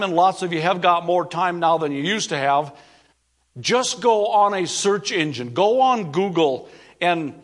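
A man's voice: fairly high pitch, a bit bright. A male pastor preaching a sermon, earnest and emphatic, repeating key phrases for weight.

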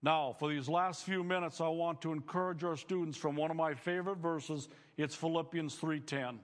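High-voiced preacher in a reverberant hall. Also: male voice, steady tone, normal speed. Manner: earnest preaching with rising emphatic phrases. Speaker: pastor. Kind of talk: sermon.

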